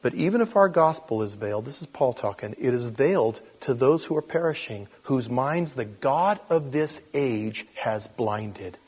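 A man preaching a sermon as pastor, talking conversationally and building up to loud, animated storytelling. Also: medium pitch, moderate pace, hardly any pauses, husky, long reverb tail.

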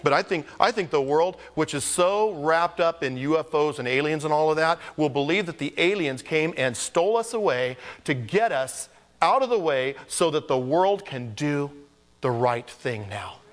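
A man preaching a conversational, jokey sermon as a pastor, often switching to high mock voices. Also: expressive, normal speed. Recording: long hall reverb.

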